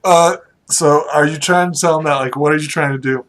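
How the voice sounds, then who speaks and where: A man running a tabletop game as game master, playful and animated. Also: fairly high pitch, a little fast.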